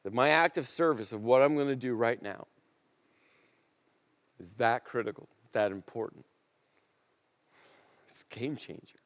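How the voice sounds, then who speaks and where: Emphatic preacher in a reverberant hall. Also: male voice, medium pitch. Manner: storytelling, emphatic, with dramatic pauses and repetition. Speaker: pastor. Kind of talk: sermon. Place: church auditorium.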